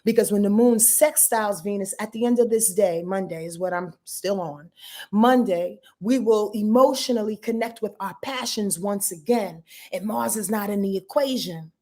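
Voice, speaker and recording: A woman's voice: mid-range voice, normal speed, darkish tone. A woman astrologer hosts a casual live rundown in a voice that sits mid-range for a woman. She speaks straight to her viewers, swears freely, leans hard on her points and answers their comments. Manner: profane, emphatic, talks straight to her viewers. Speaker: astrologer and channel host.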